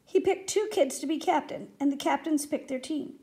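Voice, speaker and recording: Woman reading a kids' story out loud, high voice, gentle and expressive. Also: moderate pace. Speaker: story reader. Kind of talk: reading a children's story aloud.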